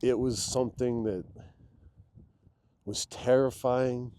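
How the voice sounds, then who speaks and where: A man guesting on a podcast, telling a personal story in a loose, candid way, dropping to a hush when he quotes someone. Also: medium pitch, level tone, slow pace. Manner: loose and candid, drops into a hushed voice when quoting. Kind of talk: casual conversational storytelling.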